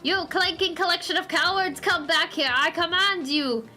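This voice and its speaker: A woman's voice: extremely high pitch, normal speed, sharp tone, faint music behind, pitched above the performer's own voice. A woman doing a dramatic French-accented hero. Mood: defiant. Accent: put-on French. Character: proud, dramatic young man with a French accent. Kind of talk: comic book read-aloud with voices.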